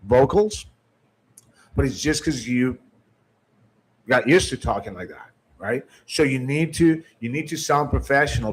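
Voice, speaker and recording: A man runs a sales coaching lecture in a plain, mid-range voice. He is emphatic and circles back over his points. He keeps checking in with a quick "right?". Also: mid-range voice, a little hiss or hum, poor audio. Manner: emphatic, repeats phrases, often asks "right?". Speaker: sales trainer.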